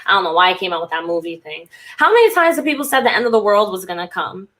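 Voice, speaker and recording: A woman's voice: mid-range voice, sing-song, fast talker, a bit bright. A woman podcast host and cult recovery coach in a candid, rambling casual monologue who swears freely.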